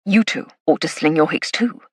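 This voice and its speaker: A woman voicing a kindly, dry-witted police inspector with a measured delivery. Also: low voice, dry recording, pitched below the performer's own voice.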